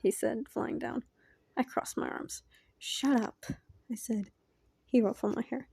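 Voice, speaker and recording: Reading a fan story aloud, a woman speaks quietly and softly, often dropping into a half-whisper, at a measured pace with fairly even intonation. Her voice is fairly high yet very dark and mellow, gravelly with a breathy edge, recorded close and dry with no room sound.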